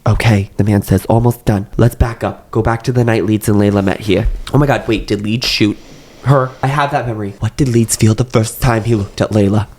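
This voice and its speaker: A man's voice: lowish voice, steady tone, a little fast, a little mellow. A young man reading a novel aloud, with slight voice shifts for the characters and joking asides.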